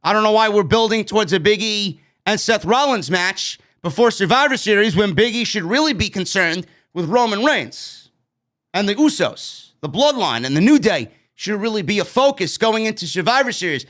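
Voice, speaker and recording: A man's voice: sits high, lively intonation, moderate pace, a bit bright. A man reviewing a wrestling show in a casual, blunt way, swearing freely and sounding exasperated at what he dislikes. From New York. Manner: blunt, profane, exasperated commentary.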